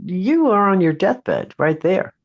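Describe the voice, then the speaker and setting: A woman's voice: mid-range voice, sing-song, slow, muffled recording. Chatty woman telling advice stories. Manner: chatty storyteller, acts out friends' voices. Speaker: livestream co-host giving advice. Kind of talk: casual livestream chat.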